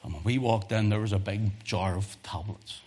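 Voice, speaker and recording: A man preaching a sermon, telling personal testimony stories in an animated way. His voice sits low and sounds husky. He punches some lines loudly and drops others to a hush. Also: moderate pace. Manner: animated storytelling, swings from loud emphasis to hushed.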